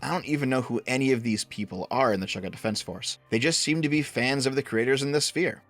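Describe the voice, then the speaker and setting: A man's voice: mid-range voice, fast talker, fairly bright tone, faint music behind. A young man narrating an online drama commentary in a blunt, sarcastic, exasperated way.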